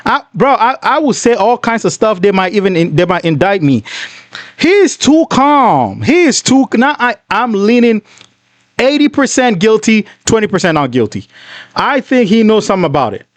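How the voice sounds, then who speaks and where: A man with a notably high speaking voice gives casual reaction commentary. He talks emphatically and with indignation, peppering his lines with "bro". The recording is close and dry, with no room sound. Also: sing-song, moderate pace, no echo. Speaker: reaction video host.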